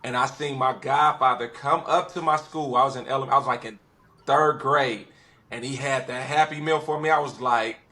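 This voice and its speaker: A podcast guest from West Los Angeles tells stories in casual conversation, animatedly acting out what people said. He has a mid-range voice and speaks at a moderate pace.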